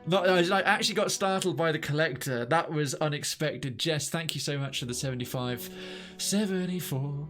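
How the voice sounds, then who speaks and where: A man streaming a video game live, chatting excitedly, often stammering and restarting his sentences, and quick to get startled. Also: a little high, over music. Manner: jumpy, startled easily, exclaims. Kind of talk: live let's-play commentary.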